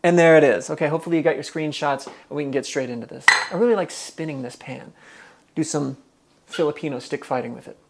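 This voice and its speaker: A man hosting a live cooking stream from his home kitchen, chatting casually, reading viewers' comments aloud and thinking out loud as he cooks. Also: on the high side, fast, very noisy.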